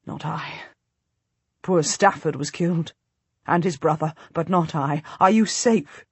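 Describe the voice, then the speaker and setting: A woman voicing a hushed, husky noble husband. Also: low-pitched, measured pace, dry recording, full character voice. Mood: urgent. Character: anxious devoted noble husband, a knight. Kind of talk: audiobook character voice.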